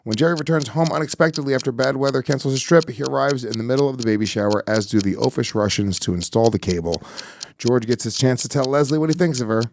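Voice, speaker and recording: A man hosting a podcast, bantering casually with his co-host in a crude, teasing way that flares up loud when he is riled. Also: medium pitch, fast, vocal fry, a little hiss or hum.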